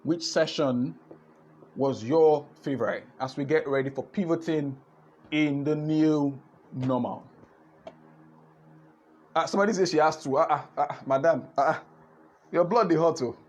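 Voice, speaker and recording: Animated Nigerian man hosting a live stream. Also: fairly high pitch, unhurried, pauses often, dull audio. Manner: animated, repeats words, switches into pidgin. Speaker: host of an online business session. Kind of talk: lively live-stream talk.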